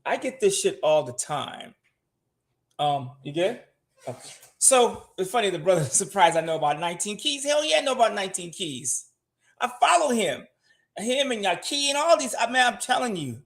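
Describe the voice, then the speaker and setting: A man's voice: sits high, very animated, moderate pace, fairly bright tone. A man talking frankly in casual livestream style, swearing freely and answering viewer comments from his home. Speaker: guest on a finance show. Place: home room.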